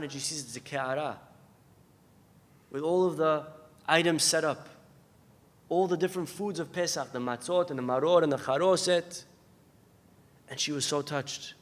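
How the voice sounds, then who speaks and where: A man as a rabbi, giving a sermon made of stories and acting out the voices of the people in them. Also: a little high. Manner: acts out the people in his stories with lively voice changes. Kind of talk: sermon storytelling. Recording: long hall reverb.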